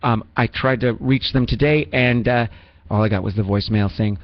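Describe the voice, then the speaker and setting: A man's voice: medium pitch, fairly even intonation, moderate pace. Rambling, teasing radio host man. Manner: rambling, teasing, self-mocking jokes. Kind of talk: joking call-in radio banter. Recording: dull lo-fi radio recording with faint music.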